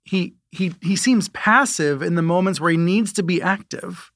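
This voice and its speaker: A middle-aged man in an animated podcast conversation, quick and given to repeating words. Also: sits high, no echo, studio quality. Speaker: media reporter and podcast co-host.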